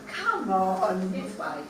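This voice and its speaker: A woman's voice: mid-range voice, huge pitch swings, extremely slow, loud music behind the voice, heavily acted. A woman playing a server in a pie shop in a comedy sketch, chatty and a little bemused. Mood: joking. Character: busy young woman serving in a pie shop. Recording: echoey, distant, loud background noise.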